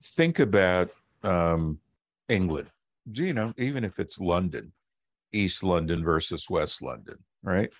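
Deep-voiced man explaining like a professor. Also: big pitch swings, no room sound, clean studio sound. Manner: measured, lecturing, slows to stress key words. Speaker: linguist guest. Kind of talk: radio interview, explaining.

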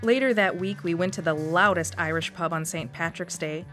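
A woman's voice: fairly low pitch, normal speed, pushed and bright, faint music behind. Woman with a Wisconsin accent telling her story. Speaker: radio storyteller. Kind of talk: scripted personal essay narration.

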